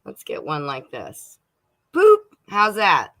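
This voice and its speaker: A middle-aged woman hosting a casual homestead livestream, chatting warmly with viewers, laughing and snacking as she talks. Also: low voice, wildly swooping pitch, takes it slowly. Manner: chatty, laughs and munches while talking to viewers.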